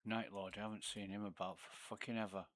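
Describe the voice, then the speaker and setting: A man chatting casually on a game livestream, telling a rambling, profane story, often trailing off into low mumbles. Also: little pitch movement, quick pace, fairly bright tone. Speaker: game streamer.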